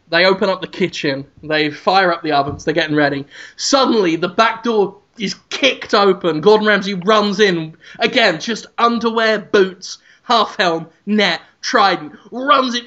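Brief: high, bright-voiced male podcast host, animated rambling storyteller; dull lo-fi audio.

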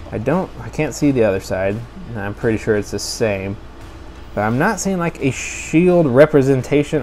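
A man talks through a casual toy review in a voice of middling pitch, enthusiastic and chatty. He thinks out loud as he goes, and a faint hiss of noise sits behind him.

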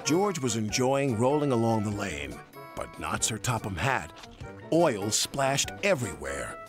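Male narrator, storybook reading, very lively pitch, music underneath. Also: unhurried. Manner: expressive reading.

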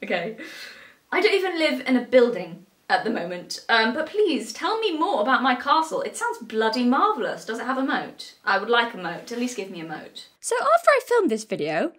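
A woman's voice: fairly high pitch, very animated, moderate pace, fairly bright tone, roomy sound, far from the mic. An English woman giving a sarcastic commentary rant and firing mocking questions. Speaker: commentary YouTuber.

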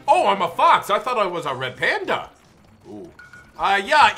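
Excitable young man yelling over gameplay. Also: sits high, normal speed, soft background music. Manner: excitable, yelps and shouts at the game. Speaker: gaming video host. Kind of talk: gameplay commentary.

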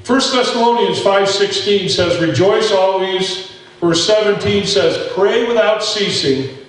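A man's voice: high voice, a little slow, heavy reverb, far from the mic, poor audio. A man preaching a sermon as pastor, telling stories in a folksy way and talking straight to his folks in the pews. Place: church sanctuary.

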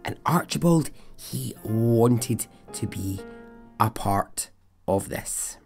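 A man hosts a storytelling podcast, taking his time and letting each phrase land slowly. He keeps it conversational, laughing easily and turning to the listener as he goes. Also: fairly low pitch, animated, creaky, darkish tone, slightly rough, soft background music. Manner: chatty, laughs often, talks straight to the listener. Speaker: podcast host. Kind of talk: casual storytelling.

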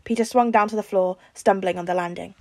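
A woman reading a fan fiction story aloud in an even storytelling manner. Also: mid-range voice, fast talker, no echo. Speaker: podfic reader.

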